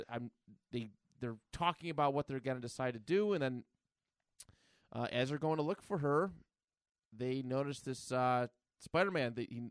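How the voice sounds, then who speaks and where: Smooth-voiced man rambling through a comic recap. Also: mid-range voice, dry recording, clean studio sound. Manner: rambling, acts out comic characters in quick put-on voices. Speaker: podcast co-host. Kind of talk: casual chat recapping a comic book.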